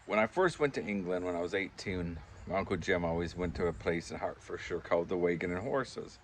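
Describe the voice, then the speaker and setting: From a backyard pub shed, this older vlogger shares meandering, laugh-filled pub stories, performing each quoted voice. His voice is deep and a little quick, with slight background noise behind it.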